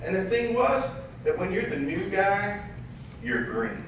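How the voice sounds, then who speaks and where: A man giving a motivational keynote, telling lively anecdotes and acting out dialogue with laughter. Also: sits high, a little slow, slight background noise. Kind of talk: storytelling keynote talk. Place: large event hall. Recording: echoey hall from far off.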